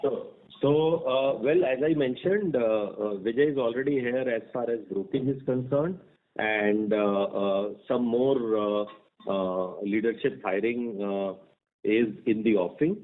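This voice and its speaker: A man's voice: medium pitch, a little slow. A man speaking as a company executive on an earnings conference call, hesitant with many fillers. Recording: phone line audio.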